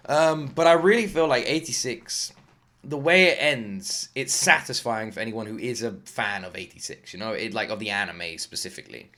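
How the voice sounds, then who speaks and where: A man hosting an anime reaction video, talking in a rambling, excitable way, swearing freely and fighting off a lingering cough. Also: lowish voice, moderate pace. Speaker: anime reaction channel host. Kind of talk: casual reaction commentary.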